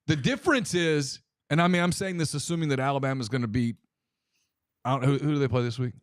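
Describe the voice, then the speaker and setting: A man's voice: mid-range voice, fast, dry recording, clean studio sound. A man from Louisiana co-hosting a sports talk show, insistent and emphatic, repeating himself to drive a point home. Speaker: co-host.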